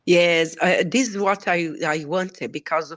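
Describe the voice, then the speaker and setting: A woman's voice: fairly low pitch, unhurried, no echo. A woman speaking as a shares an emotional, earnest testimonial on an online call. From Belgium. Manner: emotional, earnest, broken English. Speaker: product presenter.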